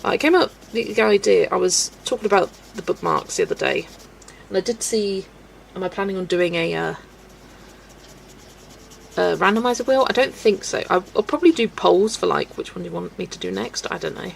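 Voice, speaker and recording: A woman hosts a colouring livestream, chatting casually with viewers and giggling often. Her medium-pitched voice has a gravelly creak and moves fairly quickly, and the rough recording carries slight background noise.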